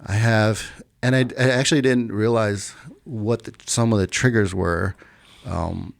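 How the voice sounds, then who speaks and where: A middle-aged man, a podcast guest, telling a personal story casually, with animated bursts when he quotes himself and others. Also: on the low side, a little slow, creaky, no room sound.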